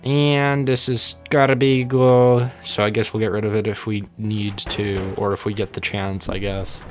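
A man's voice: on the low side, little pitch movement, a little slow, soft background music. A young man casually commenting on his own gameplay, rambling and joking, with sudden panicky outbursts. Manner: rambling, jokey, panicky bursts. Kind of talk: casual let's-play commentary.

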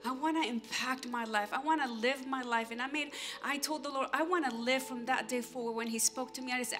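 A woman pastor giving an animated sermon, acting out everyday scenes and talking straight to the congregation. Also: high voice, a little fast, few pauses, soft background music. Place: church stage.

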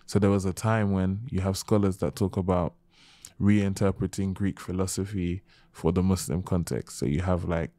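A young man from the United Kingdom talks through ideas in a long, easygoing podcast answer, piling up examples and asides. His voice sits low and mellow, and the recording is close and dry with no room sound. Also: no room sound. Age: young adult. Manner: expansive, explaining with examples and asides. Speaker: guest, Islamic history speaker. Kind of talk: conversational podcast interview.

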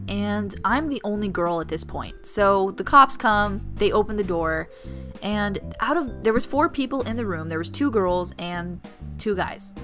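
Drawing as she talks, a storytime vlogger who used to be a resident assistant recounts her college days. She's a young adult woman with a medium-pitched, fairly bright voice, chatty, full of fillers and vivid in the retelling.

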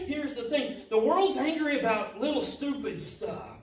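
A male pastor delivers an impassioned sermon, his voice pitched very high for a man. He is recorded from a distance, and the church room adds a lot of echo. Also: expressive, unhurried, hardly any pauses. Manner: impassioned preaching, rising to shouts. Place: church sanctuary. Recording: echoey church hall, mic at a distance.

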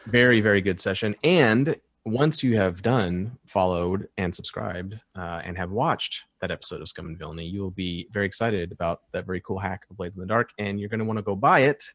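A man's voice: sits low, a little fast, few pauses, a bit bright, no room sound. A man, a game designer guest, chatting casually and enthusiastically with many fillers. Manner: enthusiastic, rambling, full of fillers. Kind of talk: casual promo chat.

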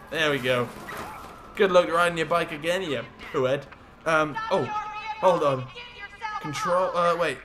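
A young man giving excitable, jokey gameplay commentary as a gaming YouTuber. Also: on the high side, slow, pauses often, noisy background. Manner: excitable, jokey, swears and laughs often.

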